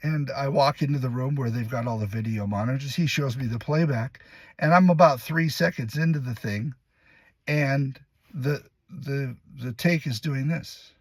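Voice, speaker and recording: A man who acts in commercials, casually telling a lively behind-the-scenes story and acting out what others said. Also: mid-range voice, normal speed, no echo. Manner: lively, laughs while telling, acts out other people's lines. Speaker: commercial actor.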